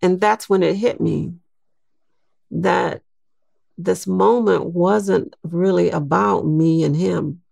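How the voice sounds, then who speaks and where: Older woman with a very gravelly voice. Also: on the low side, no room sound, studio quality. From Louisiana, United States. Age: 60s. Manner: reflective, unhurried, with soft laughs and restarts. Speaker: guest. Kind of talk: personal storytelling in an interview.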